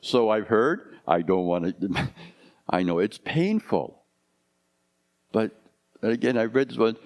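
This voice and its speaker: A man's voice: fairly low pitch, animated, slow, darkish tone. A man in his fifties, a pastor preaching a conversational sermon full of rhetorical questions.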